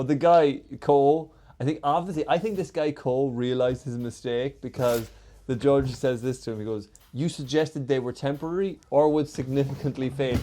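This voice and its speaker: A man chatting on a comedy podcast, winding through a long story. He says "like" a lot and drops the odd swear word. His voice sits at an ordinary middle pitch. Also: warm tone. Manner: rambling storyteller, heavy use of "like", swearing. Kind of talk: casual comedic chat.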